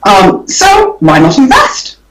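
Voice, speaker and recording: Higher-voiced woman, echoey and off-mic. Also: huge pitch swings, slow, distant mic, a little hiss or hum. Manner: explanatory, repeats words while thinking. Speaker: property investor guest. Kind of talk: radio interview. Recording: roomy sound from off the mic.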